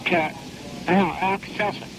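Taunting prank caller on a hissy tape. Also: male voice, high voice, steady tone, slow. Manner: taunting, provoking, baiting. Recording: hissy old phone tape.

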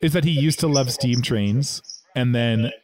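A man cohosting a casual chat, telling stories in a relaxed way and laughing often. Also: medium pitch, unhurried. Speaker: podcast co-host.

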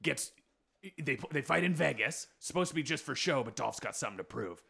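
Gravelly animated comedy podcast host. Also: male voice, medium pitch, a little fast. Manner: animated storyteller acting out movie scenes. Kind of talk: improvised comedy podcast banter.

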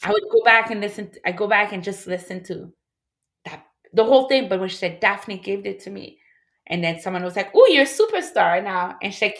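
A woman's voice: mid-range voice, lively intonation, brisk, fairly bright tone. A woman in a candid, casual conversation, talking in an emotional, reflective way with many fillers.

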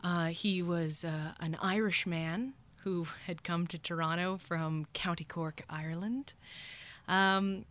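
A woman in her twenties hosting a podcast, telling a funny personal story in an animated, self-deprecating way and laughing often. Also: on the low side, slow. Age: 20s. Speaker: podcast host.

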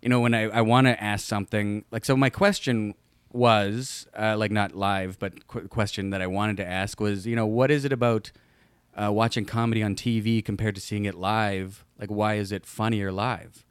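A young man telling rambling anecdotes as a guest in a casual chat, quick to laugh. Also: lowish voice, level tone, smooth, dry recording. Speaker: guest storyteller.

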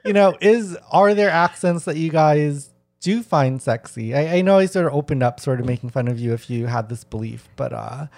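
A man's voice: on the high side, lively intonation, moderate pace, creaky, hardly any pauses, darkish tone. A man hosting a podcast, chatting casually with many restarts and fillers. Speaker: podcast host.

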